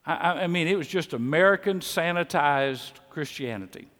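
Middle-aged Southern preacher, fairly high voice, folksy sermon, long echo of a big church hall. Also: male voice, expressive, normal speed, fairly bright tone. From Mississippi. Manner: conversational, repeats words when starting a sentence. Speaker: pastor. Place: church sanctuary.

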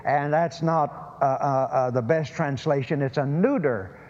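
A man's voice: a little high, measured pace, a little mellow. A man preaching a sermon, emphatic and prone to repeating words and restarting phrases. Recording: lo-fi sermon recording in a reverberant hall.

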